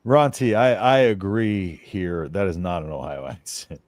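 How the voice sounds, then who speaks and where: A man's voice: low-pitched, a little slow, a little mellow, no echo. A man from Texas hosting a live call-in sports show, laid-back and teasing. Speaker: host.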